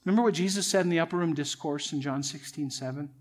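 A pastor delivers his sermon in a fairly high male voice, earnest and emphatic. He presses his points home and keeps turning to the congregation as friends. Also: fast, hardly any pauses. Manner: earnest, emphatic preaching, addresses listeners as friends.

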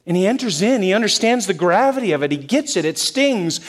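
A male pastor preaching a sermon in a church, shifting between loud emphasis and hushed softness. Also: high voice, brisk. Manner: expressive, swings from loud to hushed.

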